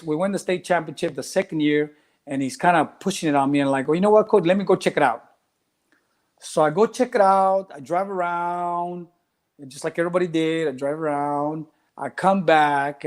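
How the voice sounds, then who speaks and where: A man tells coaching stories in a casual interview, slightly high in pitch for a man. He acts out each person he quotes and slips in Spanish phrases. He sounds middle-aged. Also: a little mellow. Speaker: track and cross country coach.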